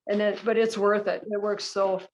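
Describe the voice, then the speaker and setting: A woman's voice: medium pitch, little pitch movement, normal speed, darkish tone, slight background noise, low-quality recording. An older woman on a video call in a support group, chatting in a plain, homely way. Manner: plain-spoken, chatty storytelling.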